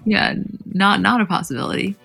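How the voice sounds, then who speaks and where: A woman's voice: medium pitch, lively intonation, a little fast, creaky, a bit bright, husky, soft background music. A woman from New Jersey co-hosting a podcast in casual chat, hedging her points with lots of "like"s. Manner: chatty, hedging with many "like"s. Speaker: podcast co-host.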